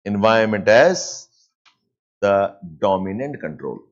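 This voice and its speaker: A man with an Indian English accent teaching a live online class, dictating points and repeating them slowly, with Hindi asides mixed in. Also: lowish voice, sing-song, highs cut off. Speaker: lecturer.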